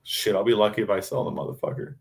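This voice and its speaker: A man's voice: on the low side, fast, gravelly, a little mellow. A man chatting casually on a live stream, swearing constantly as he rambles about his knives and answers chat. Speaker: knifemaker streamer.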